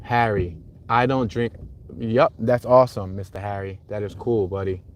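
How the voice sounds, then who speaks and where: Male street-tour streamer, relaxed and talkative, speaking from behind the wheel. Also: lowish voice, moderate pace, slight background noise. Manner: chatty, reads viewer comments aloud and greets chatters. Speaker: livestream host driving a neighborhood tour. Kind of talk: casual live commentary while driving. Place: inside a car on city streets.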